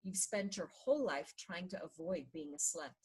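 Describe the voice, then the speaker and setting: A woman reading a book aloud in a measured way, slowing down on repeated chant-like refrains. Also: fairly low pitch, animated, darkish tone, breathy edge, rough recording. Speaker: reader of a book.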